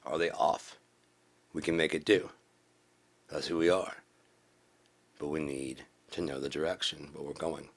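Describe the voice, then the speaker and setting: A man giving a profane political rant in a video blog, repeating himself and rising into preachy shouting. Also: very deep voice, flat delivery, measured pace, long pauses. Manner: swearing, repetitive, builds to preachy shouting. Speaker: video blogger.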